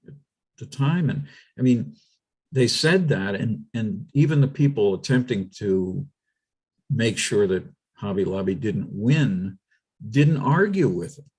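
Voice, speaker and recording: A man speaking as a guest on a political talk show, emphatic and animated, often restarting his sentences. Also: lowish voice, measured pace, breathy edge.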